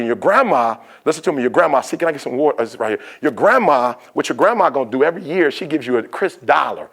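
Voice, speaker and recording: A man's voice: mid-range voice, animated, fast talker, creaky, few pauses, a bit bright, breathy edge. A man giving a motivational sermon, telling a story in a conversational, fervent preaching style.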